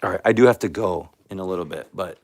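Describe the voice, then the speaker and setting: A man's voice: deep voice, quick pace. A man hosting a casual livestream, out of breath and rambling with many restarts. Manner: rambling, animated, restarts often. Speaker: livestream host.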